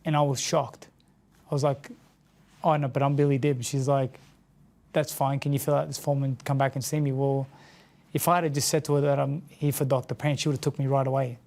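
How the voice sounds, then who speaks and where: Halting Australian man with gravelly voice. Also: mid-range voice, level tone, darkish tone. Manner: halting, repeats words and restarts, earnest. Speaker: interview guest. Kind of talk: emotional personal account in an interview.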